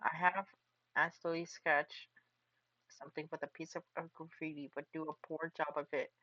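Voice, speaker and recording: A man reading a visual novel aloud as a game streamer, breaking off to yell and laugh at the story. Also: on the high side, moderate pace, dry recording, lo-fi sound. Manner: animated, yells and laughs in reaction.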